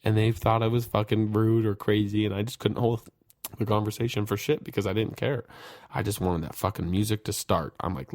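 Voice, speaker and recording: Candid low-voiced man telling a story. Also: normal speed, darkish tone, dry recording, studio quality. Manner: candid and profane, reenacting his own panicked thoughts. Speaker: podcast host. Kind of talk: personal storytelling monologue. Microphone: podcast mic.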